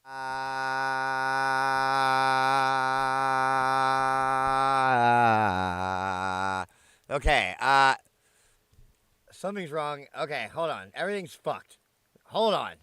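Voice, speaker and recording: A man's voice: fairly high pitch, very animated, unhurried, pauses often, bright, forceful tone, no room sound, soft background music. A man hosting a casual live stream, swearing freely, greeting his chat by name and griping at tech trouble. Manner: brash, swearing, talks to chat; irritated, muttering while fixing stream.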